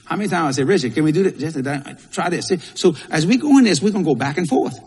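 A man's voice: fairly high pitch, animated, quick pace, a little mellow, breathy edge. A male pastor, preaching a sermon in a folksy, repetitive way with Southern turns of phrase. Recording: long hall reverb.

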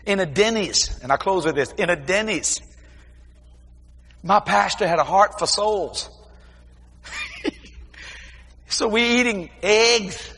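A man preaching a testimony sermon, telling stories in a folksy, informal way and breaking into shouted exclamations. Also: high voice, slow pace, long pauses, slightly rough. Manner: animated storytelling with shouted exclamations. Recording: long hall reverb.

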